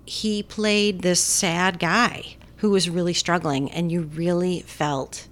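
A woman's voice: fairly low pitch, fairly even intonation, takes it slowly, fairly bright tone. A woman co-hosting a casual movie chat, talking enthusiastically with many fillers. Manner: chatty, filler-heavy, enthusiastic. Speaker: movie talk co-host.

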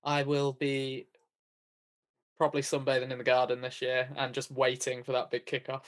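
A man, a podcast guest chatting in a relaxed, light-hearted way. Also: mid-range voice, moderate pace. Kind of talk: casual chat.

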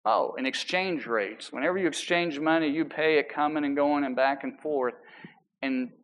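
A man preaching a sermon as pastor, emphatic and building, with relaxed conversational asides to the congregation. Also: a little high, moderate pace.

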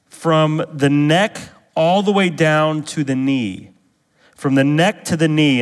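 A male pastor delivers an emphatic sermon in a voice pitched a little high for a man. He repeats his key phrases and keeps asking the congregation questions. A long reverb hangs in the hall around him.

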